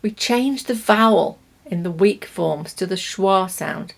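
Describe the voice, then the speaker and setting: A woman with a British accent teaching English pronunciation, speaking slowly and deliberately, stressing each word for learners. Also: medium pitch, gravelly. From Britain. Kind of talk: language lesson to camera.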